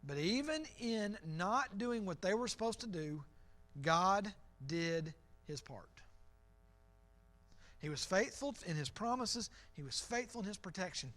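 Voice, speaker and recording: A middle-aged male pastor gives an evening sermon in church. His voice sits high for a man, and he talks to the room in an earnest, conversational way, often repeating phrases for weight. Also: expressive, a little slow, a bit bright.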